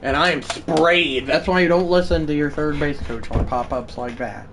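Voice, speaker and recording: A streamer giving live commentary on a baseball video game, quickly frustrated, talking back to the game and bursting into shouts. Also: mid-range voice, noisy background.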